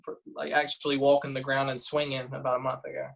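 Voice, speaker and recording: A man, a guest in a casual interview, telling lively stories and acting out quotes. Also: medium pitch, fast, vocal fry, low-quality recording. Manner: animated storyteller, acts out quotes, frequent "uh" and laughs. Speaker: guest diver and detectorist.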